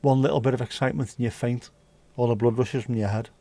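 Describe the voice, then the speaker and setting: A man from the UK hosts a casual livestream, joking around and reading viewer comments aloud. He talks fast in a medium-pitched, mellow voice with fairly even intonation.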